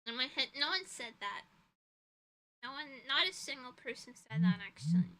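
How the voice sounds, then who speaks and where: This high, animated female voice moves at normal speed with a pushed, bright quality, and the recording is rough. Streaming from her room at home, the vtuber and illustrator rambles through casual chat, giggling and swearing, tired and congested.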